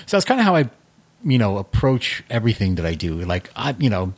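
Fast-talking low-voiced man, rambling. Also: slightly rough. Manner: relaxed, rambling, many fillers. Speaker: guest, comic creator. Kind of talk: casual podcast chat.

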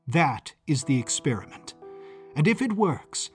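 A man voicing a grave, composed woman who explains a dark secret calmly. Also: on the high side, unhurried, faint music behind.

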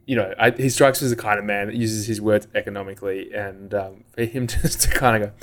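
Australian man, podcast co-host, casual rambling chat, lowish pitch. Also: steady tone, fairly quick, slight background noise. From Western Australia. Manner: rambling, frequent "you know" and "um".

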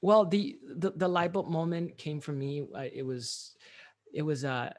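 A man's voice: a little high, a little slow. A man being interviewed, telling a story animatedly with many fillers and restarts. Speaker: guest, business owner.

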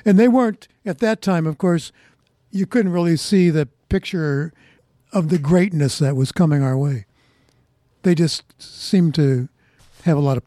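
A man's voice: on the high side, mellow, no echo. An older American man hosting a radio show, chatting casually and rambling between songs in a folksy, reminiscing way at a studio microphone. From United States.

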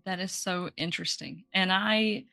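A woman's voice: lowish voice, steady tone, moderate pace, gravelly, pushed and bright, faint music behind. A woman hosting a podcast, talking earnestly and openly about her own experiences and asking her guest questions. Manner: earnest, open and personal. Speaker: podcast host. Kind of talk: casual podcast conversation.

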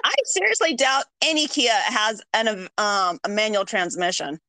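A woman's voice: medium pitch, lively intonation, normal speed, sharp tone, no room sound. Blunt, swearing woman co-host. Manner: blunt, profane, playful. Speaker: podcast co-host. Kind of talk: casual chat.

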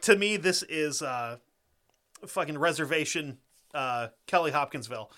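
A young man co-hosts a podcast, swearing without restraint, ranting fast and laughing often, and later reads out a story. He speaks in a slightly high, expressive voice that's bright and forceful.

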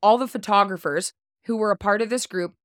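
A woman's voice: medium pitch, brisk, no room sound, studio quality. A woman hosting a podcast, reading a prepared story segment in a blunt way, swearing casually and stumbling over unfamiliar names. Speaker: podcast host.

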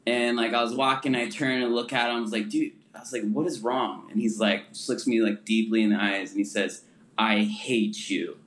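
A man, a guest in a casual chat, talking in a relaxed way and laughing easily. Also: medium pitch, quick pace, hardly any pauses, roomy sound, low-quality recording.

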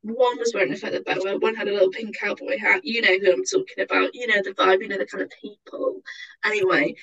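A woman co-hosting a chatty podcast, telling an anecdote with lots of swearing and animated quoted voices. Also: mid-range voice, fast talker, vocal fry, recorded from a distance, dull audio. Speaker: podcast co-host. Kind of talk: casual chat.

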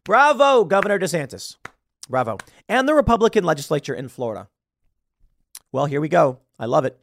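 A man's voice: fairly high pitch, big pitch swings, fairly quick, vocal fry, slight background noise. A man hosting a political commentary show, reading news aloud with a sarcastic edge and the odd stumble over words. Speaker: podcast host.

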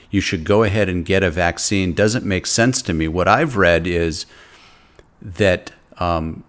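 A man hosting a talk show, chatting loosely and stopping often on fillers. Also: low voice. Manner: loose, conversational, with frequent fillers. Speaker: host. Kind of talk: casual talk-show chat.

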